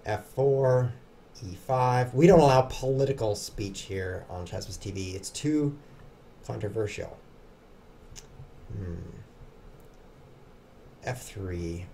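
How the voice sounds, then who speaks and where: A man's voice: mid-range voice, lively intonation, a little slow, dark tone, a little hiss or hum. A young man streaming online chess, chatting casually and joking at his own expense while he plays. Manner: chatty, self-mocking, jokes with chat. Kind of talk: casual live commentary while playing.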